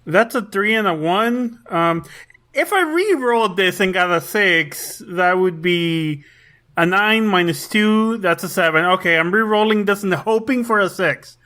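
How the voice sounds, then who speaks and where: A woman's voice: mid-range voice, measured pace, a bit bright. A woman playing a tabletop role-playing game, chatty and laughing at her own mishaps. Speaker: player.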